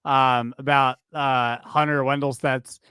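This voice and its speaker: A man's voice: medium pitch, level tone, slow, bright, forceful tone, smooth, no echo. A man co-hosting a casual sports chat, rambling and interrupting himself with joking asides. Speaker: podcast co-host.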